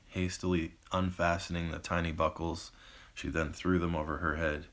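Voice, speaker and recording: Deep-voiced man reading his novel. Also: flat delivery, a bit bright. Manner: measured storytelling. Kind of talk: audiobook narration.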